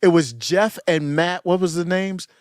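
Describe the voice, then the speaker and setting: This podcast co-host has a smooth, high-pitched voice and speaks at a measured pace, with no room sound and studio quality. His casual, nostalgic chat is marked by sentences that trail off and get restarted.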